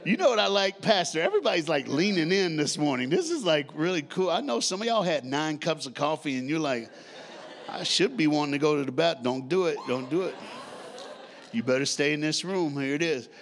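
A man in his sixties preaching a lively sermon, leading the congregation in call-and-response, shouting and half-singing at the peaks and joking in between. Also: a little high, brisk. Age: 60s. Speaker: guest preacher.

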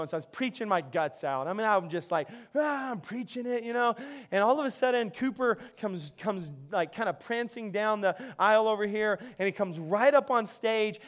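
High-voiced pastor telling a story. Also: male voice, fairly bright tone. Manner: conversational, repeats words and restarts, chuckles. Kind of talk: sermon with storytelling.

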